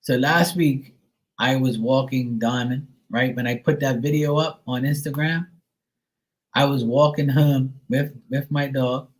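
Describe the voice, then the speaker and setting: A man's voice: mid-range voice, steady tone, unhurried, poor audio. Rambling, profane man telling a story. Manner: profane, rambling, filler-heavy; mimics others in a raised voice. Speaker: live stream host. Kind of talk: casual storytelling to viewers.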